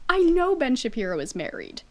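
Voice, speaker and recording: A woman's voice: sits high, wildly swooping pitch, measured pace, rough recording. A woman chatting and reading a story aloud with a self-conscious, giggly manner. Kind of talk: casual chat and dramatic reading. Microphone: headphones.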